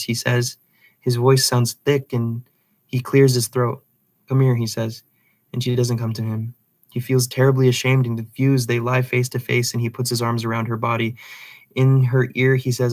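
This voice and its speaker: A man reading a literary novel aloud, with occasional slips and restarts. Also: medium pitch. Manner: reads dialogue plainly, with slips and restarts. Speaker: reader.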